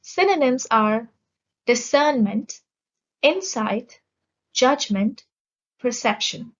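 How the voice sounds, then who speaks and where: Woman, vocabulary teacher, slow careful delivery, somewhat high voice, slightly muffled recording. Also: lively intonation. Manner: slow, deliberate, enunciating each word. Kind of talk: scripted vocabulary lesson.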